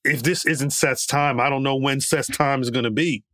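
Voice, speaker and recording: A man's voice: medium pitch, steady tone, normal speed, a bit bright, no room sound. A young man co-hosting a casual talk show, making his points emphatically with stammered repeats. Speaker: co-host. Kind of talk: casual wrestling talk chat.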